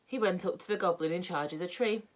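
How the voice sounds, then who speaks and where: A woman reading a children's book aloud in a lively, expressive way. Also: lowish voice, fast talker. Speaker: storyteller.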